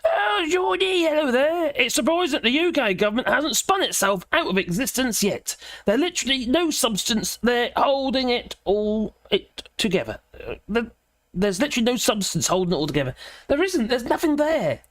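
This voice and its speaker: A hoarse woman with a British accent hosting a casual live political chat, laughing often and greeting viewers by name. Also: fairly high pitch, lively intonation, moderate pace, no echo. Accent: British English. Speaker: livestream host.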